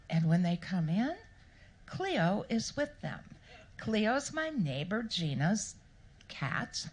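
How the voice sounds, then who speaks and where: A woman author answering questions at a live event, telling stories in a playful, animated way and acting out the people she quotes. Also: medium pitch, breathy edge. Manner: animated, playful storyteller who acts out quotes. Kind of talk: storytelling interview answers. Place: live Q&A event before an audience.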